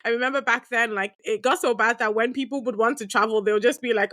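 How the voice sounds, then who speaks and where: Chatty woman with a bright, high voice. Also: fast, no room sound. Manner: lively, chatty, laughs often, many fillers. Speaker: podcast host answering listener questions. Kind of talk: candid conversational storytelling.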